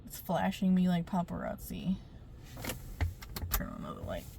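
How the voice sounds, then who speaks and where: A woman's voice: on the low side, very animated, moderate pace, vocal fry, dark tone, a little hiss or hum. A middle-aged woman telling a rambling storytime vlog into her phone camera, chatty, with many fillers and frequent laughs. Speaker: spiritual vlogger.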